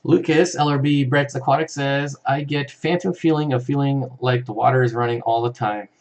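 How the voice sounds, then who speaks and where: A man's voice: medium pitch, steady tone, normal speed, a little mellow. Easygoing man hosting a live stream. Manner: easygoing, chuckles often, reads comments aloud. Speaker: live-stream host for an aquarium channel. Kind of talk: casual live-stream chat reading viewer comments.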